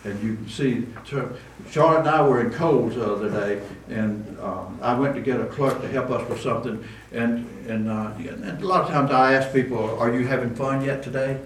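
A man's voice: medium pitch, normal speed, hardly any pauses. A man preaching a conversational sermon, with asides and restarts, recorded in a church. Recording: roomy echo, distant mic, faint room noise.

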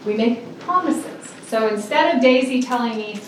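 This sermon comes from a middle-aged woman whose somewhat high voice is animated, earnest, and emphatic, with long drawn-out stresses on key words. Slight background noise mixes with the echoey, far-off recording.

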